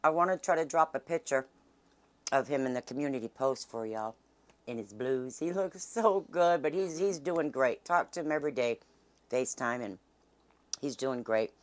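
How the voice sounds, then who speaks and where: Homey low-voiced woman cook. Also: expressive, moderate pace. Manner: homey, chatty, talks while eating. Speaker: cooking channel host. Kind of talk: casual cooking vlog chat.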